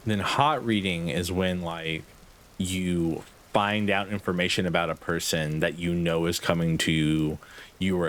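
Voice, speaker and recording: A man's voice: low-pitched, fairly bright tone. A young man streaming a game, chatting with his viewers in a rambling, sarcastic way and swearing casually. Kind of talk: casual gameplay chat with chat.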